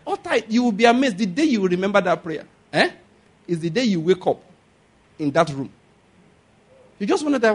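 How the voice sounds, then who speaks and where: A man preaches a lively sermon. His voice sits fairly high and has a husky edge. He keeps checking in with the congregation, asking for amens and whether they get his point. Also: fairly quick. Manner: animated preaching with call-and-response questions. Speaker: pastor.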